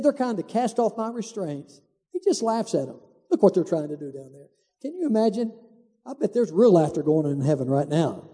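Male pastor, sermon delivery, high-pitched, very dark tone, emphatic repetition, long hall echo. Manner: emphatic preacher, repeats lines for stress.

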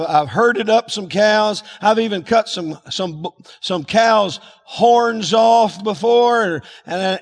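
In a large hall, a pastor with a high voice delivers a folksy sermon. He asks the congregation to call words back to him.

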